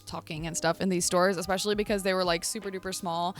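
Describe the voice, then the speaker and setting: A woman's voice: lowish voice, steady tone, fast talker, faint music behind. A young woman chatting in a casual, bubbly vlog, full of fillers, filmed at home and out on the streets. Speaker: vlogger. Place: apartment, then city streets and shops. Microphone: handheld camera.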